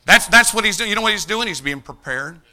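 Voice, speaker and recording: A man's voice: sits high, animated, fast, bright, forceful tone, soft background music. A man preaching a sermon, emphatic, calling out to the congregation and addressing people by name. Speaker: pastor.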